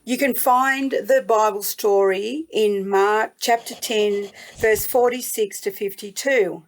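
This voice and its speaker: A woman from New South Wales with an Australian accent, gently telling a Bible story to children as a guest storyteller. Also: medium pitch, steady tone, faint music behind. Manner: gentle, slow, warmly emphatic.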